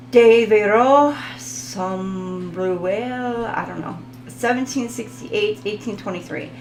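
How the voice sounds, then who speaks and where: A woman reading tarot cards in a relaxed live stream, talking slowly and chatting with her viewers. She laughs easily and trips over words she can't pronounce. Her voice sits at an ordinary pitch, with a faint hum in the background. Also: low-quality recording. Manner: talks to viewers in the chat.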